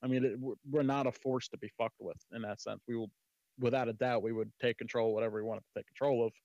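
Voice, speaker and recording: A man's voice: mid-range voice, steady tone, fast talker, darkish tone, dry recording, highs cut off. A man in a casual online panel chat, talking bluntly and with plenty of swearing. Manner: brash, profane, blunt. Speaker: stream co-host.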